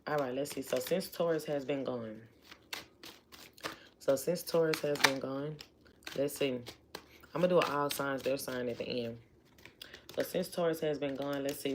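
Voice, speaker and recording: A woman's voice: rumbling low, vocal fry, background noise. Chatty woman giving a tarot reading. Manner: chatty, emphatic, repeats lines for stress. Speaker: tarot reader.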